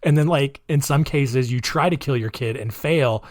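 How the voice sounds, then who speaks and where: A man's voice: mid-range voice, moderate pace, no echo. A man hosting a podcast in a casual monologue, rambling, offhand and sarcastic, on a close mic. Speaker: podcast host.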